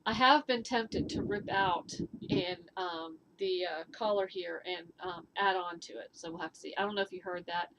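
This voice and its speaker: A woman's voice: on the low side, moderate pace, a bit bright, slight background noise. A woman hosting a knitting vlog from home, chatting casually and rambling with fillers and restarts. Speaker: knitting and fitness vlog host. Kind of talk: casual chatty show-and-tell. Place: at home indoors.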